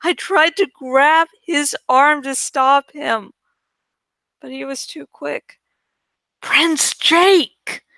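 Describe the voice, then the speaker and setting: A woman reading a novel aloud in first-person audiobook narration, slow and deliberate. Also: high voice, fairly even intonation, sharp tone, no echo. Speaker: audiobook reader.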